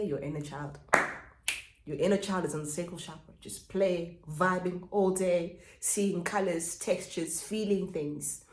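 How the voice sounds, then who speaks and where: Woman coach with a low voice talking self-help into her camera, repeats stuff for emphasis, roomy echo. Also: a little mellow, a little hiss or hum. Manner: reflective and repetitive, stresses key phrases. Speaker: pleasure and spirituality coach. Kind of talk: self-help vlog monologue. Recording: echoey room.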